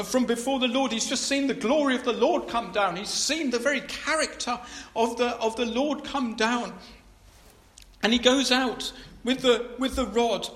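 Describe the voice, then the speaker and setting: A man reading scripture aloud and then preaching on it, often halting and repeating words as he searches for the next phrase. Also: very high voice, fairly bright tone, echoey room.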